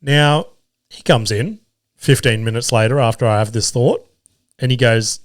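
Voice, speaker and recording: Male comic-host, mid-pitched, sweary and self-amused storytelling, dry close mic. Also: moderate pace, dry recording. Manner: swears freely, laughs at his own stories. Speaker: comedian and podcast host. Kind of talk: casual solo podcast storytelling.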